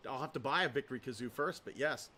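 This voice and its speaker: A man's voice: mid-range voice, fast talker, bright, forceful tone. A man hosting a casual podcast, reading viewer comments aloud with offhand, dry asides. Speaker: podcast host.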